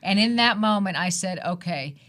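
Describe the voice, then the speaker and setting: A woman with a medium-pitched voice shares anecdotes on a talk show. She tells them with animation and keeps the story moving. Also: brisk. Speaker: co-author.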